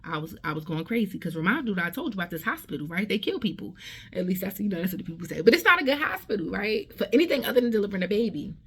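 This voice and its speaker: A woman's voice: mid-range voice, sing-song, very fast, breathy edge. A middle-aged woman vlogger telling a personal story in a casual, conversational way, often checking in with "right?" and restarting her sentences. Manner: conversational, tag questions and restarts.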